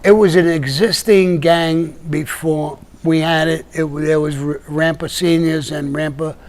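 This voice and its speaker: Older male guest, Brooklyn accent, meandering raconteur, slightly higher-pitched voice. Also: steady tone, a little slow. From Brooklyn, New York. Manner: rambling, with many restarts and "you know". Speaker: podcast guest telling stories. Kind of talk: casual storytelling chat.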